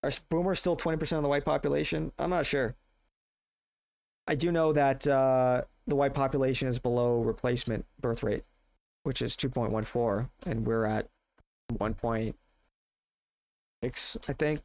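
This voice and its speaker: A man's voice: medium pitch, steady tone, moderate pace, creaky, long pauses, darkish tone. A congested man talking casually on a live stream, loose and profane, rambling and restarting his sentences. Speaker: streamer reacting to videos.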